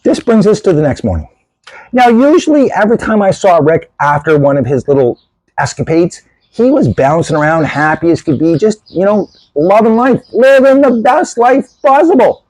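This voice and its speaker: A man in casual storytelling mode as host of his own video channel, animated and self-mocking, and sick with a lung infection. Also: fairly high pitch, moderate pace, dry recording, low-quality recording. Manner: animated, self-mocking, gestures while telling.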